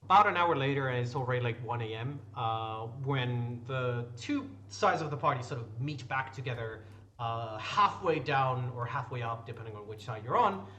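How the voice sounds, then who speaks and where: A man's voice: mid-range voice, expressive, moderate pace, sharp tone, a little hiss or hum. A man narrating a tabletop game as game master, describing scenes with frequent restarts.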